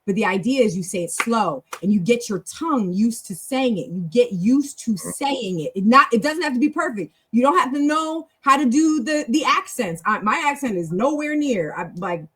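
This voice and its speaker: A woman's voice: on the high side, expressive, normal speed, hardly any pauses, husky, rough recording. A woman hosting a language club, teaching in a chatty, encouraging, long-winded way on a casual live stream.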